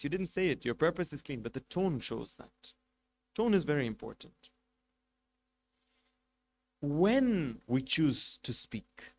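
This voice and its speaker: A man's voice: fairly high pitch, a little hiss or hum. A man giving a religious lecture as a sheikh, making numbered points and asking rhetorical questions with emphasis. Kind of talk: sermon.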